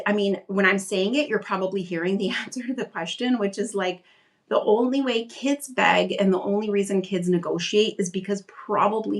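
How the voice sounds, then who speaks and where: Chatty woman coaching parents. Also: medium pitch. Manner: conversational, reassuring, frequent "like" fillers. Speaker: parenting coach answering viewer questions. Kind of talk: casual live Q&A advice. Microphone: live video stream.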